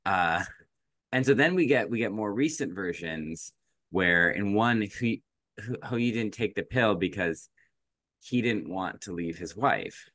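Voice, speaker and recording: A man with a very low voice co-hosts a podcast in easygoing chat. He rambles, restarting thoughts and filling gaps with "like" and "uh." The sound is dry and close. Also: expressive, unhurried, fairly bright tone, no room sound. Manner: rambling, many fillers and restarts. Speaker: podcast co-host. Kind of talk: casual chat.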